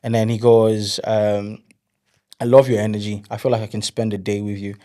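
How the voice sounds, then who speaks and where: A man's voice: on the low side, moderate pace. A young man, chatting casually as an interview guest and telling stories animatedly, acting out what others said. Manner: animated storyteller, acts out quotes. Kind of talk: casual chat.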